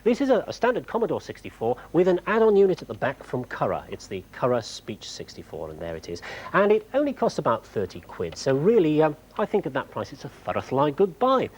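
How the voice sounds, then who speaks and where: A man demonstrating gadgets on a TV show in a relaxed, chatty way. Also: a little high, a little fast, husky.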